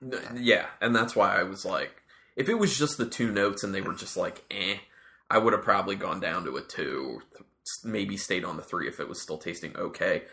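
A man tasting a beer and talking through its flavors in a casual, thoughtful chat, often pausing to find his words. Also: sits low, bright, forceful tone. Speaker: beer taster.

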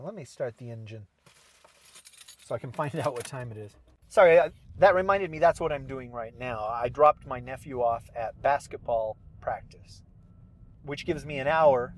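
A man's voice: mid-range voice, slight background noise. A middle-aged man hosting a podcast, talking casually and rambling with self-deprecating asides, from a parked car. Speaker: podcast host and fiction writer. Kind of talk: casual solo monologue.

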